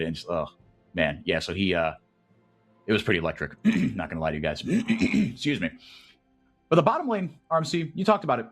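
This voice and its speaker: A man calling esports play-by-play, chatty and rambling, who gets loud and excited when fights break out. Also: fairly low pitch, brisk, pauses often, faint music behind. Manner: excitable, rises sharply in big fights. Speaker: play-by-play caster.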